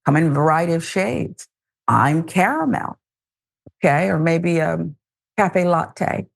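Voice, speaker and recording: Wry woman host with gravelly voice. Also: deep voice, measured pace. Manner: wry, joking asides. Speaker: news commentary host. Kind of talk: casual news commentary.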